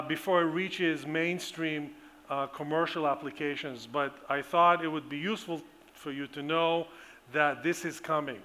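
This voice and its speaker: Bright-voiced man giving a conference talk. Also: fairly high pitch. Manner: enthusiastic explainer with frequent ums and restarts. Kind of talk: conference keynote. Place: conference stage.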